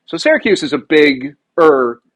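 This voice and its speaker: A man's voice: a little high, big pitch swings, measured pace, rough recording. A young man chatting casually on a podcast, telling profane stories and acting out other people's lines. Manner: profane storyteller, acts out voices of others. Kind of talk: casual chat.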